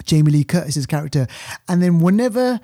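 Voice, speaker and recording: Podcast co-host, man, mellow tone, rambling casual review talk. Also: a little high, lively intonation, brisk, no echo, clean studio sound. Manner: rambling, full of fillers and restarts. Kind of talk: casual film review chat.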